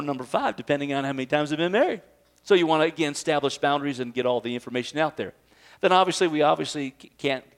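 A man preaching a sermon in a conversational, joking way, often laughing and asking rhetorical questions. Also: sits high.

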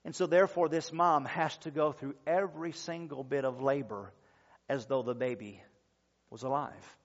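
A man preaching a sermon as pastor, telling a story in an earnest, measured way with drawn-out pauses. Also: mid-range voice, fairly even intonation. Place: church service. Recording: dull lo-fi sermon recording.

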